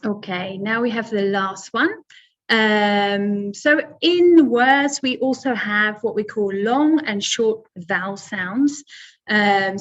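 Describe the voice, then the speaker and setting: A woman's voice: medium pitch, a bit bright, lo-fi sound. A woman teaching English pronunciation in a webinar, patient and step by step, with many fillers. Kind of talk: webinar lesson.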